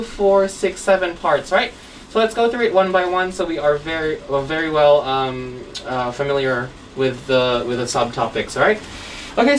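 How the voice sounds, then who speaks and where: Female teacher, patient classroom delivery, low voice, recorded from a distance with faint noise. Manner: patient, checks in with frequent "right?" and "okay?". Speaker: English teacher. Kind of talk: classroom grammar lesson. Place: classroom with a whiteboard.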